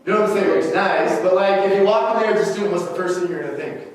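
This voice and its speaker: A young adult male teacher giving a personal talk to colleagues, telling stories with lively acted-out dialogue and frequent "okay?" check-ins. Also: high voice, fast talker. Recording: echoey hall from far off, faint noise.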